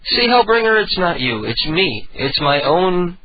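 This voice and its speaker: A man's voice: on the high side, expressive, slow pace, a little hiss or hum. Rambling, self-deprecating radio host, man. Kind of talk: casual radio talk. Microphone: home phone and studio mic setup. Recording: dull lo-fi internet radio audio.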